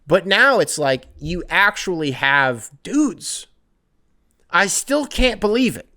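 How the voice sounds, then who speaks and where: A man's voice: high voice, big pitch swings, slow, bright, forceful tone. A young man hosting a sports podcast, ranting casually with profanity, rambling asides and self-corrections.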